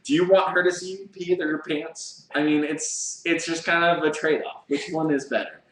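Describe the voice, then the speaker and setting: A man's voice: a little high, fairly even intonation, moderate pace, a bit bright. A man co-hosting a casual live chat show, spinning crude, rambling what-if stories and laughing along. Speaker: co-host. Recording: echoey room.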